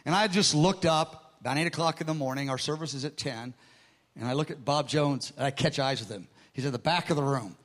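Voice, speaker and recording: A man preaching a sermon, telling a story with lively quoted dialogue and repeating words as he starts phrases. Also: a little high, a little fast.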